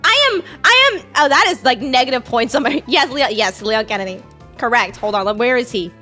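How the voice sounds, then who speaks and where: A woman's voice: fairly high pitch, expressive, a little fast, pushed and bright, faint music behind. A young woman from Canada's west coast, streaming and chatting casually while gaming, giggly and rambling. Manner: giggly, rambling, lots of restarts and repeats.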